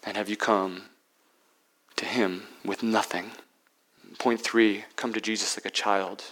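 A man preaching a sermon as pastor, swinging between loud emphatic peaks and hushed, near-whispered lines. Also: lowish voice, steady tone, unhurried, low-quality recording.

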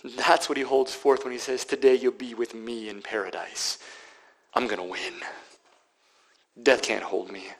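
Man, pastor, sermon, mid-range voice, hushed whispers, loud emphatic peaks. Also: medium pitch, steady tone, measured pace, pauses often, low-quality recording.

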